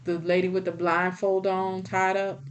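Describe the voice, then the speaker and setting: A woman's voice: fairly low pitch, level tone, normal speed, highs cut off, slight background noise. A woman giving a spiritual tarot reading in a blunt, folksy, scolding way. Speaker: tarot reader.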